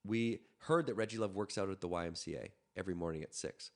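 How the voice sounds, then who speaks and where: A man from Canada, a podcast guest, telling a story in a quick, animated way with frequent restarts. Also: sits low. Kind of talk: casual storytelling.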